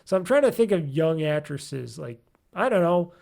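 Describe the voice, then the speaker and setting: A man's voice: on the high side, very animated, moderate pace, gravelly, darkish tone. A man hosting a gaming podcast alone, chatting casually and rambling with lots of ums and curse words as he searches for names. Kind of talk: casual solo podcast chat.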